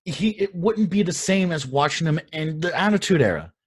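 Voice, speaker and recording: A young man co-hosts a casual podcast talk show, ranting heatedly and swearing a lot. His voice sits a little high, with lively intonation, a breathy edge, and a normal speaking speed.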